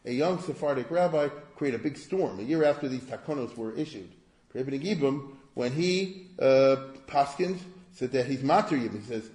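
A man gives an informal history lecture, conversational and digressive, often asking rhetorical questions. His voice is mellow. The room gives noticeable echo. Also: medium pitch, brisk.

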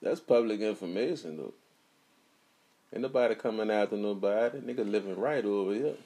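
A man's voice: on the low side, brisk, mellow. A man co-hosting a casual late-night chat, laid-back and slangy, chuckling often. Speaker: podcast co-host.

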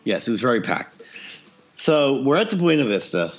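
A man's voice: medium pitch, sing-song, moderate pace, faint music behind. A man casually telling a funny story on a podcast, acting out the dialogue and laughing often.

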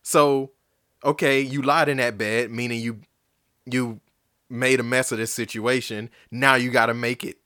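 A man hosting a solo podcast, ranting angrily and profanely, swinging between shouting and muttering. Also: mid-range voice, fairly even intonation, a little slow, dry recording, studio quality. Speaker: podcast host.

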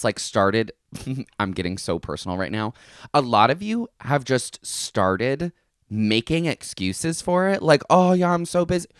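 Young male podcast host, lively swooping delivery, exasperated and sarcastic, dry close mic. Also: mid-range voice, dry recording. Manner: animated, exasperated ranting with sarcastic asides. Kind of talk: casual solo podcast rant.

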